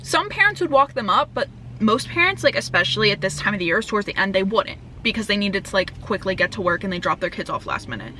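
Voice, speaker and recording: A young woman telling a story in a casual rant, animated and swearing often. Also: mid-range voice, quick pace, few pauses, slight background noise. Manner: animated, swearing, quoting herself.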